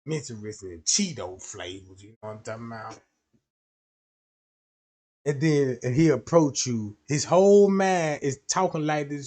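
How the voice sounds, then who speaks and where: A man's voice: medium pitch, animated, a little slow, dark tone. A man streaming a casual, rambling monologue, slangy and full of repeated fillers.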